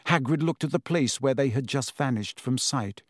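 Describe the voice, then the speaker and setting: A man narrating an audiobook in a measured, steady storytelling manner. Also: medium pitch, no echo, studio quality. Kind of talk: scripted narration.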